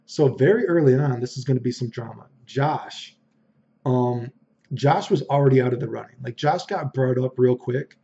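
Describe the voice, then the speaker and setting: Rambling, cursing man with a dark voice. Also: mid-range voice, normal speed, lo-fi sound, slight background noise. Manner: rambling, profane, heated retelling. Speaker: storyteller. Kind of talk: casual story time.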